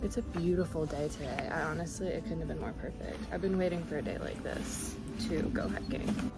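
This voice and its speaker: A young woman vlogs while hiking a mountain trail outdoors, talking to the camera on the move in a chatty, upbeat, breathless way. Her voice is deep and a little fast, with a music bed playing underneath.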